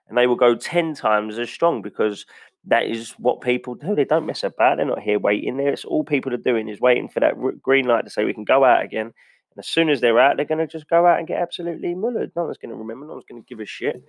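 Man, gravelly, blunt passionate rant, dry close sound. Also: mid-range voice, fast, dry recording. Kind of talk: casual opinion rant.

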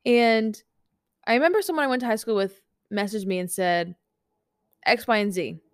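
A young woman talks casually to the camera as a coach sharing her own stories. She is animated and loose, with plenty of fillers, and she often slips into quoting herself. Her voice is smooth and resonant, and it sounds close and dry. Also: mid-range voice, normal speed, dry recording. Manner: chatty, animated, lots of fillers and quoted self-talk. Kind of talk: casual chat vlog.

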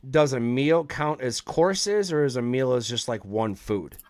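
A man's voice: medium pitch, unhurried, no room sound. A man, a chef and podcast host, telling a long story as an interview guest, swearing freely and acting out the people he quotes.

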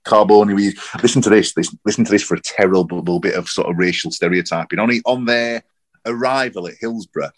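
A man, rambling and animated in casual football chat on a podcast. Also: lowish voice, a little fast. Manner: rambling, animated, repeats himself. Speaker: podcast co-host.

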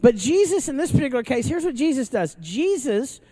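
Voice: sits high, very animated, brisk, mellow. A pastor preaching to a live congregation in a casual, joking style, often restarting sentences and asking the crowd questions. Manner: conversational and joking, with frequent restarts; asks the audience questions. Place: church service before an audience, also streamed online.

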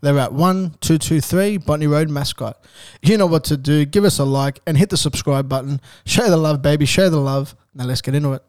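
Aussie male podcast host, laughs often, smooth clear voice. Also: fairly high pitch, a little fast, darkish tone, dry recording. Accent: Australian. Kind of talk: casual chat.

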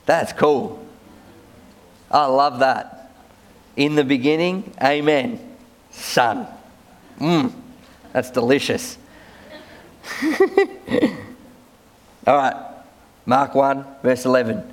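A man's voice: mid-range voice, steady tone, drawn-out words, pauses often. A man preaching a sermon as a pastor, conversational, often repeating words as he starts sentences.

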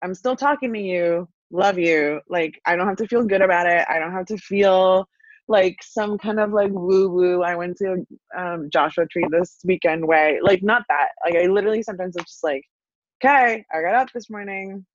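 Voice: medium pitch, normal speed, no echo. A podcast co-host in casual chat, rambling and restarting thoughts with many fillers. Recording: dull lo-fi sound.

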